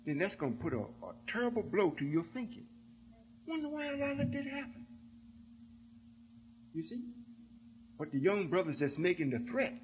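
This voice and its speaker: A man's voice: high voice, slight background noise, rough recording. A man giving an emphatic sermon-style talk to his followers, often checking that they understand. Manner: emphatic, keeps asking "you see?". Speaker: religious speaker.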